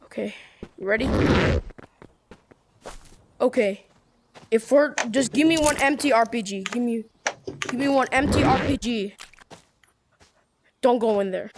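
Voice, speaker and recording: A woman giving casual gameplay commentary with excitable, bossy trash talk. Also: fairly high pitch, a little slow, pauses often, heavy background noise. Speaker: gamer.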